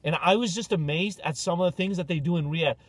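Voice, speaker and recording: A man's voice: high voice, quick pace, no echo. A man hosting a podcast, telling stories in casual, joking banter. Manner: animated, joking storyteller. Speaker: podcast host.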